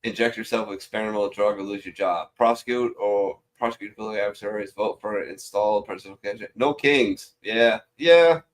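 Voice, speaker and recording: A man's voice: fairly low pitch, fairly quick, hardly any pauses. A man hosting a casual online chat, joking and swearing as he reads memes aloud and laughs at them. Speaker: show host reading memes.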